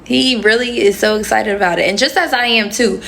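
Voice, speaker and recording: A young woman in her twenties hosts a casual livestream from her phone, chatting and answering comments with slangy asides. Her voice is a little high, gravelly and a bit bright, with a brisk delivery and a faint hiss or hum in the background.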